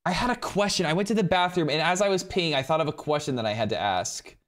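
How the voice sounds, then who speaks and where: A man chatting casually with viewers on a live stream from home, rambling and excitedly thanking people. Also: on the high side, fast.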